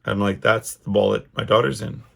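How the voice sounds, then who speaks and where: Gravelly, husky rambling podcast man. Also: fairly low pitch, steady tone, normal speed, a bit bright. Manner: rambling, restarts a lot, many fillers. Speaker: podcast host. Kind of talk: casual solo monologue.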